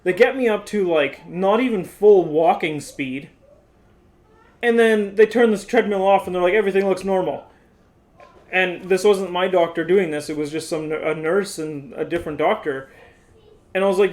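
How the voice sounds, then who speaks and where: A man's voice: high voice, moderate pace. A man in his twenties telling his story in a casual, exasperated way, full of "like"s. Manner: animated, exasperated retelling with many "like"s.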